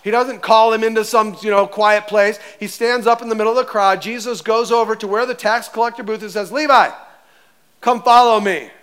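Animated high-voiced male pastor. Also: a little fast, few pauses, smooth. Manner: animated, conversational, acts out voices. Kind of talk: sermon.

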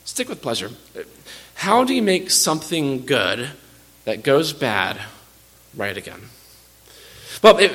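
A male pastor preaching a sermon in a bright, forceful, tense voice that sits a little high. He speaks earnestly and directly to his listeners, and he often restarts a phrase by repeating a word.

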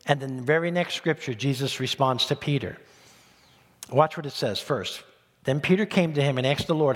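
A man preaching a sermon as pastor, animated, with rhetorical questions and rising emphasis. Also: medium pitch, a little fast. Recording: long reverb of a church hall.

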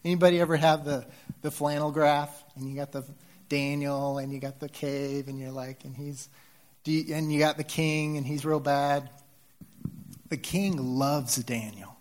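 A man's voice: on the high side, fairly even intonation, moderate pace, darkish tone. A man preaching a sermon in a conversational way, with many restarts and with emotional swells in his voice. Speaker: pastor.

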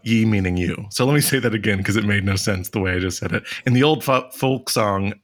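A man's voice: fairly low pitch, brisk, few pauses. A man in his thirties running a casual trivia podcast round, rambling a bit and laughing often. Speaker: trivia quizmaster.

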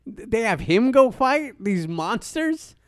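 A man's voice: very high-pitched, sing-song, slow, no room sound, studio quality. A man co-hosting a casual pop-culture chat, rambling and swearing casually. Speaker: podcast co-host.

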